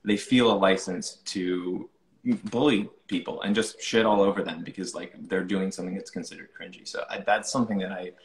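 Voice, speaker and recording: A young man with a lowish voice talks loosely through his thoughts in a casual interview. He keeps restarting sentences and leaning on filler words. The room around him has a noticeable echo. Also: steady tone, brisk. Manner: rambling, many "like" fillers and restarts. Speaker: musician being interviewed.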